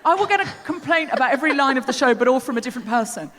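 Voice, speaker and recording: A woman from Australia hosting a comedy podcast live on stage, chatting in an animated, self-deprecating way. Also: high voice, racing. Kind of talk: live stand-up style chat. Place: large theatre stage. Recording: reverberant theatre, faint audience noise. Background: audience laughter.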